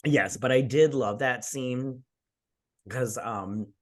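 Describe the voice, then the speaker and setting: A man's voice: mid-range voice, takes it slowly. A man co-hosting a casual movie review chat over drinks, rambling, repeating words and acting out scenes as he goes. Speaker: co-host of a movie review show.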